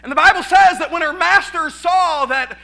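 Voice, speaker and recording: A pastor preaches to his congregation with animated energy. His voice is very high and strikingly bright. He doubles up words as he goes and laughs easily. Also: moderate pace, creaky. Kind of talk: sermon.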